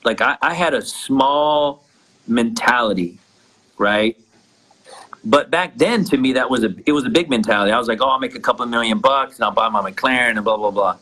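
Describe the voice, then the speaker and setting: A man's voice: medium pitch, brisk, low-quality recording. Man telling a story with frequent restarts. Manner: animated, many restarts. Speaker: guest entrepreneur. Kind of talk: casual storytelling.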